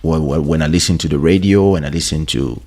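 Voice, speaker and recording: Deep-voiced male musician telling stories. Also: a little fast. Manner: relaxed anecdotal, stammering repeats. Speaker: host and musician. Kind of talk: casual storytelling. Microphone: studio podcast microphone.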